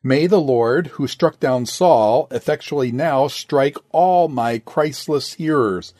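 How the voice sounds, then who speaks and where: A man reads an old sermon aloud at an unhurried, measured pace. He speaks deliberately and calls out each quotation mark. The recording is dry and close, with no room sound. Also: medium pitch, a little mellow, dry recording. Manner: deliberate, says "quote" and "end quote" aloud, raises voice on quoted scripture. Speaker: sermon reader. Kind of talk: reading a historical sermon aloud.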